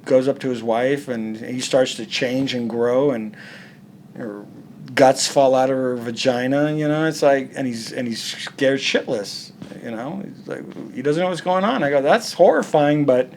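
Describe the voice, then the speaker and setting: Man, gravelly voice, comic artist guest, blunt and profane, acts out dialogue, faint hiss. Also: mid-range voice, unhurried. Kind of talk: casual shoot interview.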